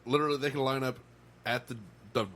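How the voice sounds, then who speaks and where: A man's voice: medium pitch, little pitch movement, fast, a bit bright. A man co-hosting a podcast, chiming in with profane, laughing retellings in casual chat. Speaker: podcast co-host.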